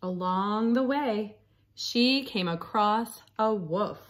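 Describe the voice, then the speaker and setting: A woman reading a picture book aloud to children in a slow, animated storytelling voice. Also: mid-range voice. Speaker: storybook reader.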